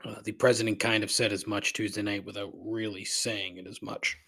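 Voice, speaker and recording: A man with a somewhat low voice hosts his own podcast alone. He rambles in a sarcastic, grumbling way and swears often. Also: little pitch movement, fairly quick, vocal fry, a bit bright. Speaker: podcast host. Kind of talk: solo podcast monologue.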